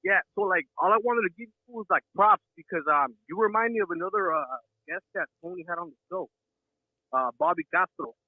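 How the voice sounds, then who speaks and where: A man calling in to a radio show, chatting excitedly in slang and mixing in Spanish words. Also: high voice, brisk, dry recording. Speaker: caller. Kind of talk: casual phone-in chat. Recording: tinny phone line.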